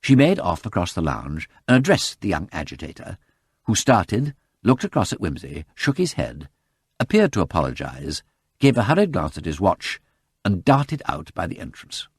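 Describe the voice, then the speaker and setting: A man narrating a mystery novel aloud with animated expression. His low, slightly husky voice ranges widely in pitch. The recording is dry and close. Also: moderate pace, no room sound. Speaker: audiobook reader. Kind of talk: scripted narration.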